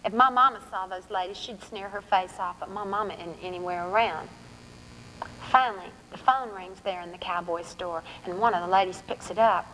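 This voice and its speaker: A woman reads a first-person story aloud from her own book, with a lively, sly storyteller's delivery. Her voice sits at a middle pitch. A faint hiss runs underneath the recording. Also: moderate pace, poor audio. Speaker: author reading her novel at a forum.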